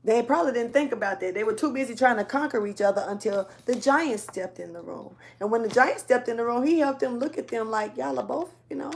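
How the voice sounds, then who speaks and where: A woman speaking gives a relaxed spiritual reading, her voice a little raspy from allergies. She sits somewhat high in pitch and talks loosely, full of slang, often trailing off mid-thought. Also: fairly quick, few pauses, a little hiss or hum. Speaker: tarot reader.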